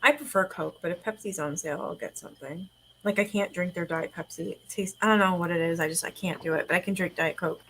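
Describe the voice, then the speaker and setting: A woman's voice: lowish voice, fast talker, fairly bright tone, slight background noise, rough recording. Woman, young adult, casual livestream host, chatty, laughs a lot.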